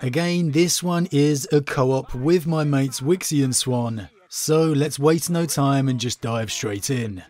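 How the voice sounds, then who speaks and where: A man's voice: medium pitch, slow, few pauses, a little mellow. A man hosting a casual let's-play, chatting and teasing his friends as he plays. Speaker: gaming channel host.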